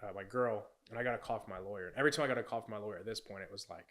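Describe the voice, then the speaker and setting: Fast-talking young man telling his story. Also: on the low side, a bit bright. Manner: rambling, fills talk with "like" and "you know". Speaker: podcast guest. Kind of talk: casual storytelling.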